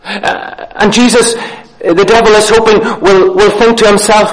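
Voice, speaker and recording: A man's voice: high-pitched, steady tone, normal speed. A man preaching a sermon in an earnest way, asking his listeners questions and repeating key phrases for emphasis.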